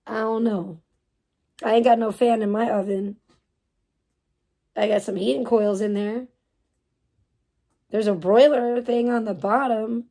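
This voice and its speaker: A young woman talks casually on a live stream. Her voice sits a little high, with a gravelly fry and a mellow, dark tone. She swears freely and reacts to her chat with blunt, bemused exasperation. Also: steady tone, measured pace, pauses often. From United States. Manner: profane, exasperated, bemused, talking back to chat. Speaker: livestreamer reading chat.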